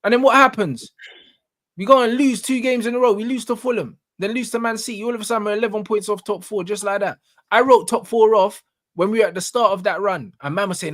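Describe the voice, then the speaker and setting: A man's voice: high-pitched, quick pace, a bit bright. A man with a London accent ranting about football in casual chat, emphatic and repeating himself. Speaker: football pundit.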